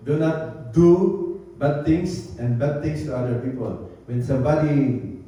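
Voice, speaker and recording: A man preaches a sermon in a very echoey church hall, heard from some distance off the mic. His voice is mellow and dark in tone. He repeats his points and mixes in phrases. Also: a little high, measured pace. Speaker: pastor.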